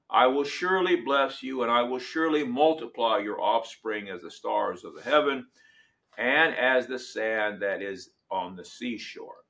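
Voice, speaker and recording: Man, preacher, sermon, very slow, deliberate, emphatic scripture reading. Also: medium pitch, fairly bright tone.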